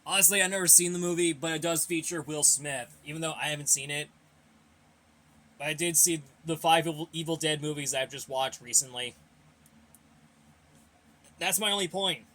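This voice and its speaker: A young man with a bright, fairly high voice runs a casual Q&A and reads out viewer questions. He rambles, repeats himself and gives blunt opinions, sounding a little out of breath. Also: moderate pace, long pauses. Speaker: host of a fan Q&A channel.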